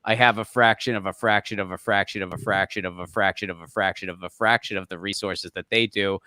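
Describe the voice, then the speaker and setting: Smooth-voiced man reeling off tour dates. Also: sits low, steady tone, bright, forceful tone, no echo, studio quality. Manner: rapid list-reading, self-deprecating humor. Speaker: guest comedian. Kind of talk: casual chat, plugging tour dates.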